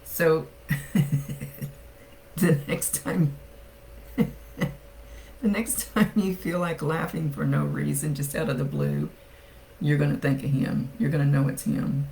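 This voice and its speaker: A woman's voice: low voice, steady tone, slow, creaky, long pauses, dark tone, slight background noise, poor audio. A woman psychic medium chatting casually through a reading, laughing often as she relays messages.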